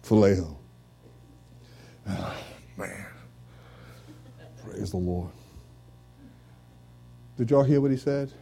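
In church, a pastor delivers an interactive sermon, trading lines with a congregation volunteer and sprinkling in "amen" and "praise the Lord." He reads scripture in a slow, drawn-out King James cadence. His voice is lowish, gravelly, mellow and husky.

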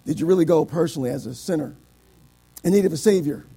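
A middle-aged man preaching a sermon, quoting scripture in old biblical wording and swinging between shouted climaxes and quiet, low passages. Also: quick pace, husky. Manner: quotes scripture in King James wording.

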